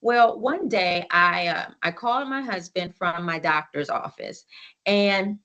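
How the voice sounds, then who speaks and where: A woman's voice: on the low side, measured pace, sharp tone, muffled recording. A woman in her forties giving a conversational storytelling presentation over a video call, with many fillers and restarts. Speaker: conference presenter.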